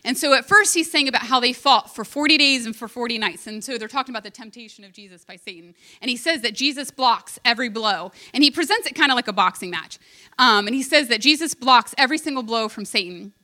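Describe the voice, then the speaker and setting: A woman's voice: fairly high pitch, expressive, fast, bright, forceful tone. A woman preaching a heartfelt sermon, retelling a story with earnest emotion.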